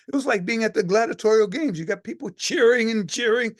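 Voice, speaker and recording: A man performing a one-man play as a weary Roman centurion, telling the story in a dramatic monologue that swings from hushed to loud. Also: high voice, animated, fairly quick, few pauses, dry recording, clean studio sound.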